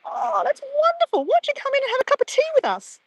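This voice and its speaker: A woman voicing a friendly, chatty Parisian neighbour who talks in a high, gushing, welcoming way. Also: very animated, fast, gravelly, background noise, exaggerated voice.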